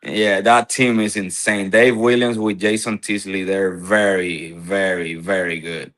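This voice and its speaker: A man's voice: deep voice, little pitch movement, a little slow, a bit bright. A man who competes in the contest, a guest in a casual interview, who talks playfully and confidently and laughs a lot.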